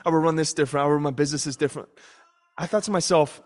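Speaking rapid-fire in a slightly high voice, a young man delivers a sermon built around a personal story. He performs the voices of the people involved, acting out their prayers and quotes.

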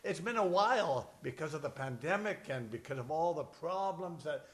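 A man leading a church service as pastor, emotional and chatty, fumbling with his notes and screen between warm asides. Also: a little high, lively intonation, moderate pace. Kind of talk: sermon with casual asides. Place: church service shared over video call.

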